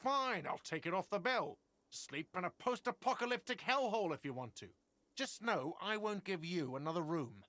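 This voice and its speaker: A man's voice: high-pitched, animated, moderate pace, fairly bright tone. An actor voicing a whiny, sarcastic male hostel manager in a video game. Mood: irritable. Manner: sarcastic, irritable.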